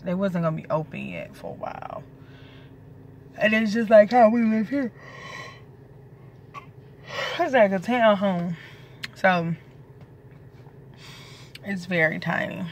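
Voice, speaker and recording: A woman's voice: lowish voice, creaky, fairly bright tone, slight background noise. A pregnant young woman, talking casually to her viewers in a loose, rambling way and swearing freely. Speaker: vlogger. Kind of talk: casual chat to camera.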